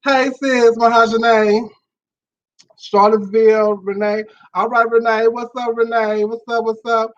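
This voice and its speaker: A man from Louisiana hosting a casual live-stream talk show, sassy and animated, greeting viewers as child and honey. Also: extremely high pitch, measured pace, dull audio. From Monroe, Louisiana.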